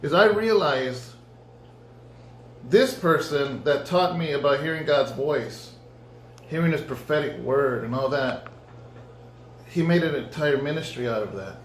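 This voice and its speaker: A man, a pastor, giving a conversational sermon testimony and acting out his own dialogue in lively storytelling. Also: a little high, unhurried, pauses often, slight background noise. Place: church. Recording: echoey room.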